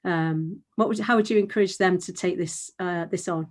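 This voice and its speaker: A woman's voice: fairly low pitch, moderate pace. A woman interviewing a church leader over a video call, fluent and encouraging. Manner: fluent, encouraging, light laughs. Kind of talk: conversational interview.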